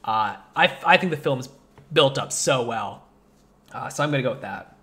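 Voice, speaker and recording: A man hosting a casual movie podcast, rambling with lots of fillers and getting animated as he talks. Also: medium pitch, moderate pace. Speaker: podcast host.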